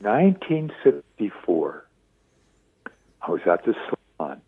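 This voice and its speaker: A man in his seventies, a radio interview guest, telling stories with lively acted-out quotes. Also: on the low side, measured pace, slightly rough, no room sound. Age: 70s. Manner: lively storyteller acting out quoted voices. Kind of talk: phone-in radio interview storytelling. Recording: tinny dry phone line.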